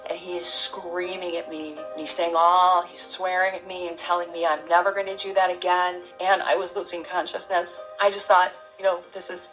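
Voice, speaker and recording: A middle-aged woman, an interview guest, gives a halting, heartfelt personal testimony full of restarts. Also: on the low side, flat delivery, fairly bright tone, faint music behind, poor audio.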